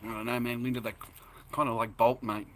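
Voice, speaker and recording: A man's voice: medium pitch, little pitch movement, a little fast, fairly bright tone, a little hiss or hum. A rambling, chatty man with an Australian accent, talking casually to his viewers and laughing easily. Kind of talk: casual chat to camera.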